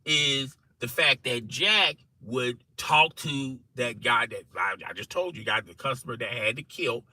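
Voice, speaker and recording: A man telling a funny workplace story to camera in an animated, conversational way, often checking in with "okay?" and "you know". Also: mid-range voice, a little slow, no echo, rough recording. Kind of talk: casual story told to camera.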